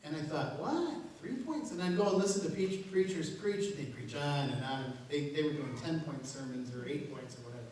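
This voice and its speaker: A woman's voice: deep voice, a little fast, hardly any pauses, darkish tone, slight background noise. Joking pastor woman, echoey far church. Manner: conversational and humorous, with laughs. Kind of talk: sermon. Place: church sanctuary. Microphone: distant room mic.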